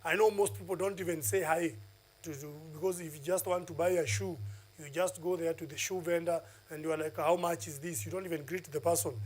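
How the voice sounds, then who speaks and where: A man gives a televised classroom lesson and counts off one numbered point after another. He pauses on filler uhs as he lectures. His speaking voice sits fairly high for a man. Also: steady tone, darkish tone, husky, rough recording. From Kenya. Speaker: teacher.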